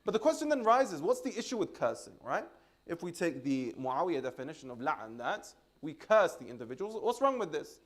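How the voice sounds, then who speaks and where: A man's voice: on the high side, big pitch swings, brisk. A man giving a sermon, asking rhetorical questions, checking in with "correct?", and weaving Arabic religious terms into English. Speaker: speaker at a religious gathering.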